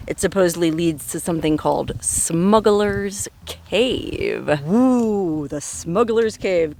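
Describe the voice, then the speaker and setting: A woman's voice: fairly low pitch, a little hiss or hum. A woman narrating a travel vlog outdoors on a coastal trail, in a wry, joking, self-mocking way. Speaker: travel vlogger.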